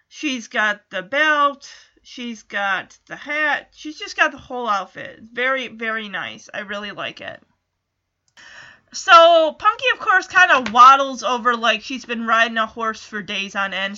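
A woman's voice: a little high, pushed and bright, highs cut off. A woman casually recapping a TV episode in a chatty way, full of "kinda" and "like".

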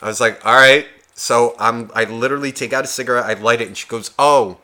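A young man with a bright, forward voice tells a bar story on a podcast. He swears constantly and acts out every line of dialogue, voicing each person in turn. His pitch sits at an ordinary middle level. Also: a little fast. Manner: profane, animated storyteller acting out dialogue. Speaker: podcast co-host. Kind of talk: casual storytelling chat.

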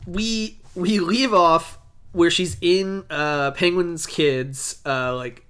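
A man on a podcast recapping comics in loose, casual chat, jumping into the characters' voices as he tells the story. His voice sits a little high and comes out bright, forceful and tense, peppered with "like.". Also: takes it slowly, clear, resonant tone. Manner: animated storytelling, acting out characters' lines; frequent fillers like "like".

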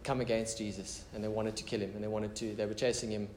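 A man's voice: lowish voice, little pitch movement, fast talker, darkish tone, echoey room, slight background noise. A man preaching a casual, conversational sermon as pastor, mixing prayer, scripture reading and chatty asides.

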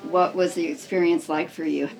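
A woman's voice: deep voice, fairly even intonation, moderate pace, gravelly, darkish tone, faint music behind, poor audio. A woman interviewer asking questions with enthusiasm.

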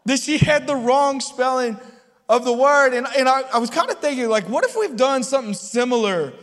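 A man's voice: very high-pitched, lively intonation, moderate pace, a bit bright. A man preaching a sermon in a chatty, storytelling way, often asking the crowd if they follow him. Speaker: pastor. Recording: long hall reverb.

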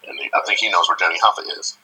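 A man's voice: low-pitched, rapid-fire, sharp tone, slightly rough, low-quality recording. A middle-aged man co-hosting a casual chat show, telling a family story and laughing as he acts out what people said. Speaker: co-host.

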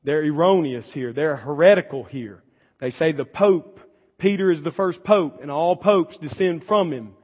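Emphatic high-voiced preacher in a reverberant church. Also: male voice, moderate pace, breathy edge. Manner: emphatic preacher, swelling to shouts. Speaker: pastor. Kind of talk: sermon. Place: church sanctuary. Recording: long church reverb, dull lo-fi sound.

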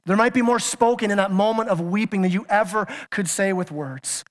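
High-voiced preaching man, reverberant hall. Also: fairly quick. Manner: earnest, emphatic preaching with repeated questions and stammered restarts. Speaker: pastor. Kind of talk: sermon. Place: church sanctuary. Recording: church hall with long reverb.

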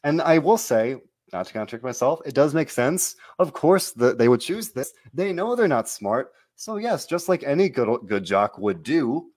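A man's voice: mid-range voice, moderate pace. Guy rambling about last night's wrestling show, gets worked up, keeps restarting sentences. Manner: rambling, animated, self-interrupting. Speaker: podcast host. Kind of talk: casual wrestling recap chat.

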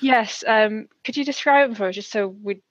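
A woman's voice: a little high, moderate pace, dry recording, highs cut off. A woman playing a tabletop game, speaking politely with many stammers and restarts. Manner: polite, hesitant, stammering in character. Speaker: player. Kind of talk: tabletop role-play.

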